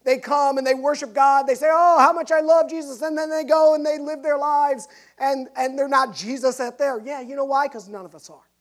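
Woman pastor, mid-high voice, storytelling sermon with wide dynamic swings. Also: normal speed. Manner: storytelling, swings from hushed to lively. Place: church.

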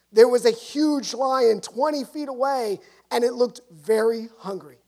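Woman pastor, mid-high voice, storytelling sermon with wide dynamic swings. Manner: storytelling, swings from hushed to lively. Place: church.

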